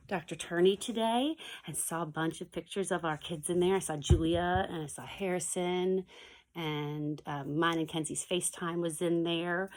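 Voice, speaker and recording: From her home basement, a woman teacher records a casual video message for her pupils, chatting and digressing before reading a picture book aloud with playful animal sound effects. Her voice sits on the low side and is a little mellow.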